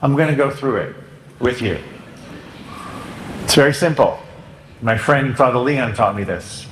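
Joking priest preaching in an echoey church. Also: male voice, medium pitch, lively intonation, unhurried, a little hiss or hum. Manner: conversational, joking, acts out penitents and himself. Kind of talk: sermon. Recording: echoey church with long reverb.

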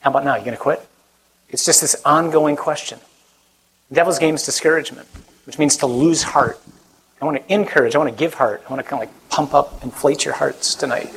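A priest giving a conversational sermon to a live audience, with self-deprecating humor. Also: male voice, on the high side, fairly even intonation, brisk, creaky, a bit bright, low-quality recording. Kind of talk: sermon to a young adult group.

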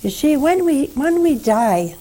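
A woman's voice: high voice, very animated, unhurried, dark tone. An older woman, a nun, preaching earnestly and counseling callers, with frequent rhetorical questions. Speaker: nun hosting a call-in religious program. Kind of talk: sermon and call-in counsel.

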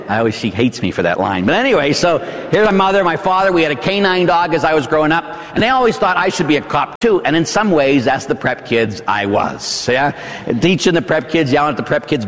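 A male Catholic priest with a Pittsburgh accent preaches in a conversational, folksy style, tossing in tag questions as he talks. His pitch swings widely and lively. The sound carries a long church reverb. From Pittsburgh, United States. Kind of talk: sermon.

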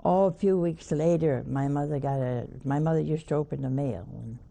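A woman's voice: sits low, moderate pace, creaky, dark tone. An older woman, a nun, preaching a sermon by telling a homely story with wry asides.

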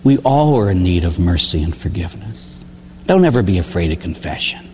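With a deep, slightly mellow voice and big pitch swings, an older Pittsburgh priest preaches briskly. He tells his sermon like a folksy story, asking "huh?" and voicing characters. Long reverb and slight background noise surround him.

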